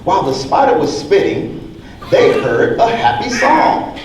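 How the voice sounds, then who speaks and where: A man reading a rhyming story aloud in a lively, sing-song way. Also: very high voice, a little slow. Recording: echoey hall from far off, faint noise.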